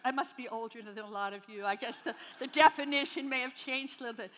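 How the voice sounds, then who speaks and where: High-voiced older woman in a reverberant hall. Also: fast, hardly any pauses, fairly bright tone. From New Jersey, near New York City. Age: 70s. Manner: humorous, candid storytelling. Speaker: speaker at a Christian rally. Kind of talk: personal faith testimony to an audience. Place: large hall at a rally. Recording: long reverb of a large hall.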